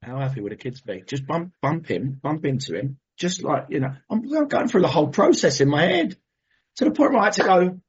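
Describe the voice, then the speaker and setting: Husky man sharing from the heart. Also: a little high, animated, moderate pace, highs cut off. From Brighton, England. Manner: heartfelt, rambling, self-interrupting. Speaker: recovery meeting speaker. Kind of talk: personal share and prayer.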